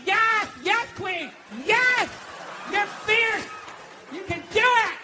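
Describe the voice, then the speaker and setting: An American man doing stand-up comedy, ranting loudly and swearing a lot. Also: very high-pitched, very noisy. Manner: loud, ranting, profane.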